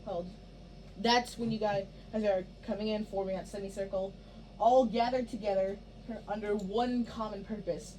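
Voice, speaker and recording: A woman's voice: medium pitch, steady tone, moderate pace, dark tone, slight background noise. A woman director walking actors through stage blocking in a casual, rambling way, full of fillers and restarts. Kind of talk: casual rehearsal instructions.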